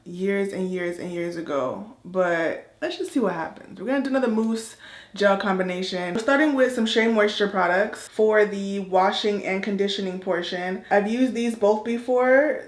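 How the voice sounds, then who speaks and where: A woman chatting casually through her hair-washing routine as a vlogger, candid and relaxed. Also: medium pitch, moderate pace, reverberant. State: out of breath. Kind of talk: casual vlog talk. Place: bathroom shower.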